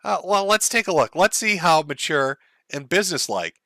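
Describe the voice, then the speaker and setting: A man's voice: on the high side, expressive, normal speed, bright, forceful tone, no echo, clean studio sound. A man hosting an online commentary stream, sarcastic and mocking, often laughing. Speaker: commentary host.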